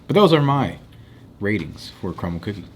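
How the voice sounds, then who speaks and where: A man casually rating cookies on a food show, relaxed and deliberate, stretching out his announcements. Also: on the low side, slight background noise. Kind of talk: casual food review chat.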